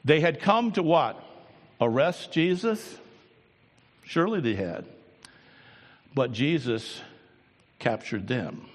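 Animated male preacher in a reverberant hall. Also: medium pitch, slow, pauses often. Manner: animated preaching, swinging from quiet to loud. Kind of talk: sermon.

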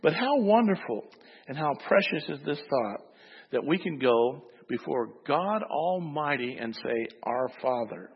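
A man's voice: fairly high pitch, animated, measured pace, breathy edge, big-room sound, lo-fi sound. A man preaching a sermon, telling a story and acting out its voices before making his point. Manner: storytelling, acts out voices in the anecdote. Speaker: pastor.

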